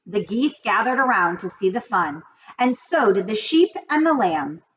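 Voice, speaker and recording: A woman reading a children's book aloud with expressive narration. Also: medium pitch, normal speed, husky. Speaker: reader. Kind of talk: read-aloud storybook narration. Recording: dull recording with faint hiss.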